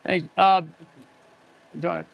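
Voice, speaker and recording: A man's voice: high voice, flat delivery, extremely slow, creaky, muffled recording. A man in his forties, an auto mechanic hosting a casual livestream, rambling and answering viewer chat as he goes. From United States.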